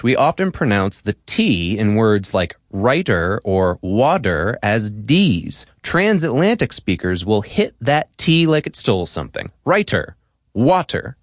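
A man's voice: mid-range voice, no echo, studio quality. A man hosting a podcast, narrating a scripted explainer in a wry, emphatic way. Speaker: former podcast host.

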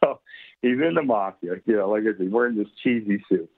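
Casting: husky man, chatty storyteller, thin telephone-band sound. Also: on the low side, brisk. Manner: rambling, laughing often, many fillers. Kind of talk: casual anecdote telling. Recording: tinny phone-like radio line.

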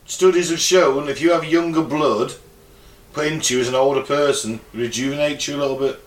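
A man's voice: on the high side, brisk, roomy sound, recorded from a distance. A man, co-hosting a podcast, full of wisecracks and self-promotion. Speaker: podcast co-host. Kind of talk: casual banter.

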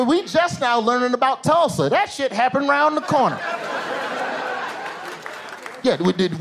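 A male comedian works a live stage crowd in a fairly high voice, dropping low for asides and climbing high when he shouts. Roaring audience laughter and room noise sit under him. He talks loose and animated into a handheld mic. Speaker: stand-up comedian. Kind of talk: stand-up comedy set.

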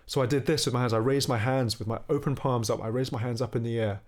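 A young man, a musician guest, telling a story in relaxed conversation and singing short bits of melody as he goes. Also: medium pitch, fast. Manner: animated, sings snippets of melody while telling the story.

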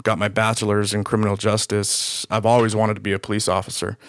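A man's voice: on the low side, monotone, fast talker, a little hiss or hum. A man in his forties from the Boston area, an easygoing guest chatting casually in an interview, with frequent fillers. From Boston area, USA. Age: 40s. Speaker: podcast guest, police officer.

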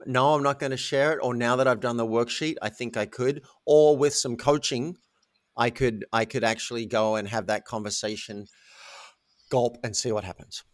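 A man telling a candid, self-mocking story as a guest in a podcast interview, with lively animated delivery. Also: medium pitch, moderate pace, dry recording, studio quality. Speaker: guest, coach.

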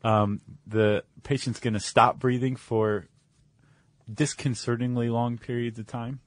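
Relaxed man explaining, dry close sound. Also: medium pitch, unhurried, no echo. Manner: explains with fillers and restarts. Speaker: podcast co-host. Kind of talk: casual conversational chat.

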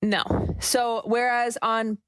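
A woman's voice: fairly high pitch, level tone, takes it slowly, a bit bright, smooth, dry recording. Opinionated woman podcast co-host, sarcastic asides, dry close-miked sound. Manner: snarky, opinionated, rambling asides. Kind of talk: casual gossip chat.

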